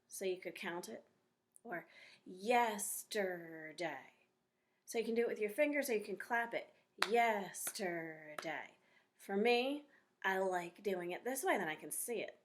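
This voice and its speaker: A woman teaching a phonics lesson to young children, talking slowly and clearly in an encouraging way. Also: medium pitch, lively intonation.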